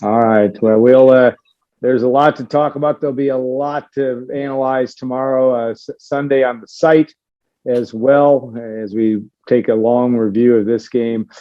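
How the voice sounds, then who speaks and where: Sports show host, male, mellow voice, muffled lo-fi sound, steers the panel. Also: medium pitch, fairly even intonation, a little slow. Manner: wraps up the discussion and hands off to others. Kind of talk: sports talk show discussion.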